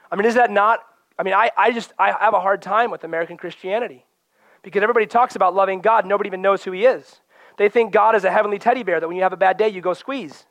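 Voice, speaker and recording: High-voiced earnest male preacher. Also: fast, fairly bright tone, no echo. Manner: earnest, conversational, acts out quoted voices. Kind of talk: sermon.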